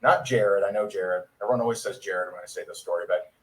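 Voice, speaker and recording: A man giving a sales training talk, rambling and clearing his throat often. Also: sits low, fast talker, crowd noise, rough recording.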